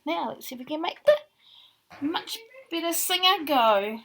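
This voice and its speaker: A woman teacher reading a picture book to young children in an expressive storytelling manner. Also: high voice, moderate pace.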